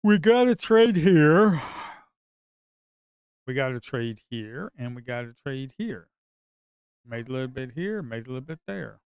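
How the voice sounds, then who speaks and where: A man giving casual live commentary on a slow market as a day trader, grumbling and talking to his viewers as folks, with sudden excited outbursts. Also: medium pitch, creaky, clean tone, no room sound, clean studio sound.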